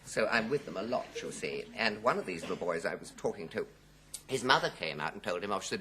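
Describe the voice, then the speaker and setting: Fifties guy telling stories on tv, super theatrical, voice swoops all over, bright sharp tone. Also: fairly low pitch, animated, fast talker, slightly rough. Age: 50s. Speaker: guest. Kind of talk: anecdotal interview storytelling. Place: television studio.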